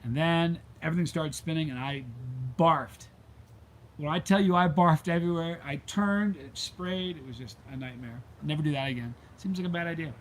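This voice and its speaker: Chatty man vlogging, slightly high voice. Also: moderate pace, slight background noise, rough recording. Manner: rambling, chatty storyteller with many ums. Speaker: vlog host. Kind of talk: casual livestream chat. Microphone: handheld gimbal camera.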